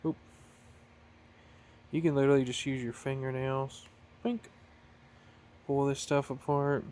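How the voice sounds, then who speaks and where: A man's voice: mid-range voice, little pitch movement, measured pace, a little mellow, a little hiss or hum. A man talking casually while he builds and solders at his workbench, thinking aloud and correcting himself as he goes. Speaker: hobbyist building a flight-sim throttle. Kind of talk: casual workshop tutorial.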